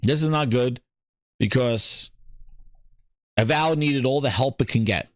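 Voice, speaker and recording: A male podcast host delivers a heated gaming rant as casual commentary, animated and repeating himself. His voice is mid-range and unhurried, recorded dry and close with no echo.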